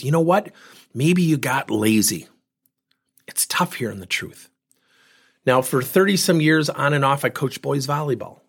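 Emphatic husky man in his fifties; swinging pitch, motivational speaker. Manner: emphatic, animated storytelling. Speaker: speaker and coach. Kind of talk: motivational talk.

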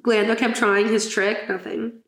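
A woman's voice: mid-range voice, little pitch movement, moderate pace, roomy sound. A woman hosting a podcast in casual chat, chatty and giggly, swearing casually. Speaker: podcast host.

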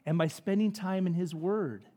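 A man preaching a sermon as pastor, animated and conversational, acting out voices in his stories. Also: high-pitched, moderate pace. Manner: animated, acts out quotes, conversational asides. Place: church sanctuary. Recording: long reverb of a large hall.

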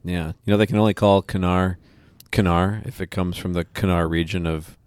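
Brief: deep, dry-sounding male podcast host, eager and rambling. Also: steady tone, normal speed, darkish tone, smooth, dry recording. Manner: enthusiastic, rambling with many restarts. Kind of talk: casual chat.

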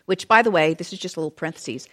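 A woman teaching a Bible study in a chatty, conversational way, full of asides and lively retelling. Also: low-pitched, very fast. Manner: expressive, animated retelling.

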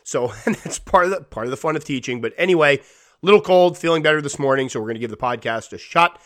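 A man's voice: on the high side, expressive, quick pace. A middle-aged man with a cold, congested and a little weak-voiced, hosting a casual podcast in a chatty, rambling way. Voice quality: slightly weak, stuffy voice. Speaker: podcast host and tarantula keeper.

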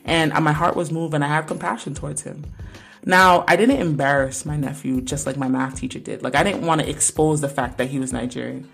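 A woman's voice: deep voice, fairly even intonation, fairly quick, creaky, breathy edge. A young woman hosting a podcast and talking about her teaching in an earnest, conversational way, often saying "like" and "right?". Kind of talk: casual podcast monologue.

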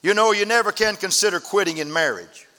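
High, bright-voiced preacher in a reverberant church. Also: male voice, a little fast. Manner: folksy storytelling preacher, emphatic drops in pitch at phrase ends. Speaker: pastor. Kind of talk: sermon. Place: church sanctuary.

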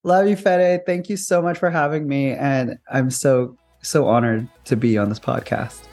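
Male interview guest, mid-pitched, earnest and spiritual, laughs often, restarts phrases. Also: fairly even intonation, normal speed, darkish tone, faint music behind. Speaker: podcast guest. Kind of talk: conversational interview.

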